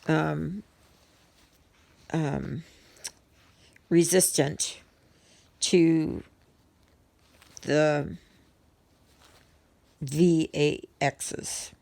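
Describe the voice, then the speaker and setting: Low, slow, gravelly-voiced chatty woman. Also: a little mellow. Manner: rambling, chatty, with many ums and restarts. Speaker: vlogger. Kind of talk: casual chat to viewers while stitching.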